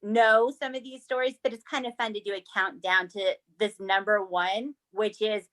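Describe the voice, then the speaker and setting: A woman's voice: mid-range voice, fairly even intonation, moderate pace, fairly bright tone. A woman co-hosting a casual true-crime podcast, chatty and laughing often. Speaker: podcast co-host. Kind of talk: casual chat.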